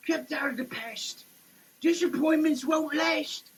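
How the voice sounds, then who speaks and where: Brief: theatrical comic reader, high voice, unhurried delivery, sputtering under a shower, faint hiss behind. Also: rough recording. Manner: theatrical, with a put-on accent that slips. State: sputtering under running water. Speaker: comedy video creator. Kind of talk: comedic dramatic reading.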